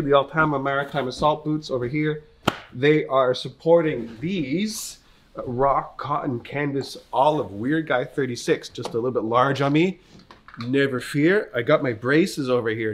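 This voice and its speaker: Store staffer, male, stuffy-nosed and muffled, hamming it up with mock-formal flourishes in a casual fit check. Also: medium pitch. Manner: playful, mock-grandiose. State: congested, muffled voice. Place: clothing store.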